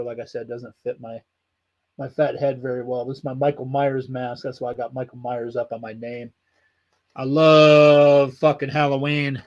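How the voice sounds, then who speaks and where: A man hosting a livestream, chatting casually and reading out viewer comments, with loose, heavily profane talk. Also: medium pitch. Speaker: livestream host.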